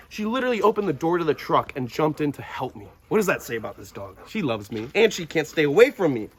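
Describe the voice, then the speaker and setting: Animated young man telling a story. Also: fairly high pitch, quick pace, few pauses, slight background noise. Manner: animated, breathless storytelling with bursts of yelling at his dog. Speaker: wildlife vlogger. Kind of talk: excited outdoor vlog storytelling.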